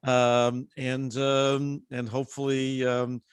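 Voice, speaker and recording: A man's voice: medium pitch, completely flat delivery, slow, clear, resonant tone, no echo. Man hosting with many ums and thanks. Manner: warm thanks, many fillers and restarts. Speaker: host, community organizer. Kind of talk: interview host wrapping up.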